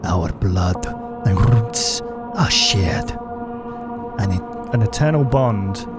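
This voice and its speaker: A man's voice: low-pitched, lively intonation, slow, loud music behind the voice. A man voicing a grim drowned spirit. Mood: grim solemn. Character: ancient vengeful male drowned spirit, grim and solemn. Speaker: narrating entity in an analog horror video. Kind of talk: slow dramatic horror monologue.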